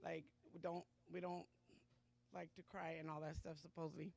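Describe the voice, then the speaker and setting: At a Sunday church service, a middle-aged woman offers a personal testimony, faltering and emotional, with frequent pauses and fillers. Her voice is on the low side, level in tone, creaky and a little mellow.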